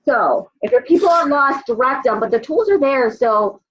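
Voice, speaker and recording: Blunt, high-voiced woman leading a team call. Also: lively intonation, moderate pace, slightly rough, rough recording. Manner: blunt, swears, tough-love pep talk. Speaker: sales team leader. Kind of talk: casual motivational team call.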